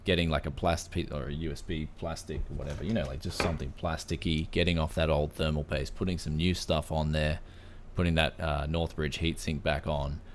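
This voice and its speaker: Laid-back Aussie host, deep voice, easygoing tech chat full of "man". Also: steady tone, fairly quick, slight background noise. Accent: Australian. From Australia. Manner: laid-back, says "man" often, many fillers. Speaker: podcast host. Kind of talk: casual tech podcast chat.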